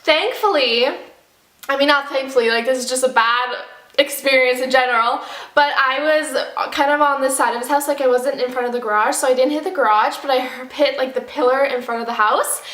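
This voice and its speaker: Young woman vlogger, high and bright, dramatic storyteller, echoey room. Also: brisk. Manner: animated and dramatic, acting out quotes. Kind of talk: storytime vlog.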